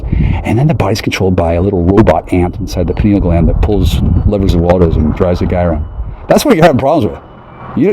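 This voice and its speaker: A man talking straight to his listeners in a profane, agitated, rambling rant that jumps from one idea to the next and mocks other people in high voices. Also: warm tone, slight background noise, rough recording. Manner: profane, agitated, conspiratorial, jumps between ideas; mocking quoted voices in a high pitch.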